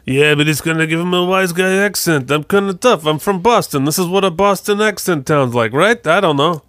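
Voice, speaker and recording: A man's voice: a little high, brisk, a bit bright, dry recording, clean studio sound, lightly acted. A man putting on a lip-still tough-guy wise guy. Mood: mock tough. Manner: barely moving his lips. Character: mumbling tough male wise guy, half mobster.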